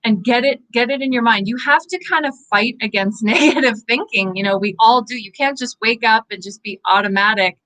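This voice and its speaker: A Canadian woman, a psychic medium, giving an earnest, encouraging inspirational talk to viewers, animated and full of fillers. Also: on the high side, brisk, few pauses, poor audio. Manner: animated, gestures with her hands. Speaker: psychic medium hosting live angel readings.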